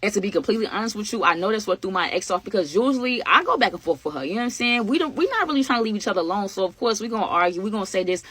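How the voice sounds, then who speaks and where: A young woman telling a casual storytime to her viewers, slangy and animated, with an occasional stammer. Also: mid-range voice, very fast, hardly any pauses, husky, no room sound. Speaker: vlogger.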